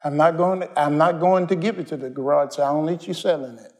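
A pastor preaches in a folksy, down-to-earth way, slipping into casual slang and pausing to ask the congregation to answer him. His voice sits a little higher than most men's. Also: steady tone, a little mellow. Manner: folksy, call-and-response preaching; plainspoken storytelling with everyday slang. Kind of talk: sermon.

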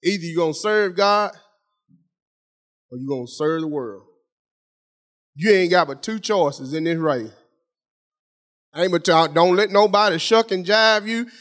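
A middle-aged man preaching a sermon in a folksy, conversational way, talking straight to the congregation and repeating phrases for emphasis. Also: sits high. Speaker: pastor.

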